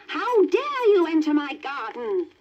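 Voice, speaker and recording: A woman voicing a menacing old witch in a storybook record, with a shrill, demanding voice. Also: sing-song, unhurried, darkish tone. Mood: angry. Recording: dull worn vinyl record with faint hiss.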